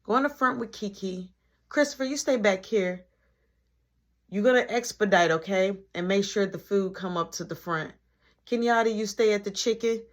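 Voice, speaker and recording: A woman's voice: medium pitch, normal speed, close to an everyday voice. A woman voicing a stern female shift manager who barks clipped, commanding orders. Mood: ordering.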